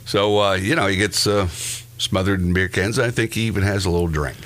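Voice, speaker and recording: Deep-voiced man, dry casual co-host. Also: steady tone, brisk, a bit bright. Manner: dry, laughs at his own asides. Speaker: podcast co-host. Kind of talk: casual chat, reading news items.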